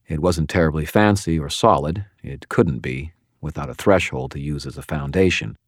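A man reading a first-person audiobook in a wry, measured storytelling manner. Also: rumbling low, dry recording, studio quality. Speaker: narrator.

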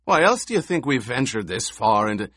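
Gruff seasoned soldier guy, pushy and loud, as a male narrator reads him. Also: mid-range voice, very animated, brisk, no echo, studio quality, voice pushed up. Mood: urgent. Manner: urgent, raised and protesting. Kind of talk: audiobook reading.

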